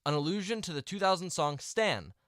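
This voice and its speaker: A man's voice: high voice, lively intonation, a little fast, a bit bright, no room sound, clean studio sound. A young man ranting to camera in a vlog, exasperated and rambling, with restarts and mumbled asides. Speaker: vlogger.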